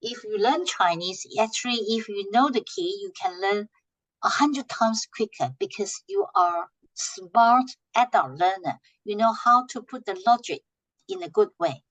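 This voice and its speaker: A woman teaching a language class, patiently repeating short phrases slowly for her students to echo. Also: mid-range voice, big pitch swings.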